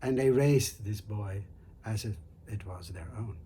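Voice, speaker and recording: A man hosting a storytelling show, telling a folk tale in an unhurried, conversational way. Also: lowish voice, warm tone, a little hiss or hum. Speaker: storyteller host.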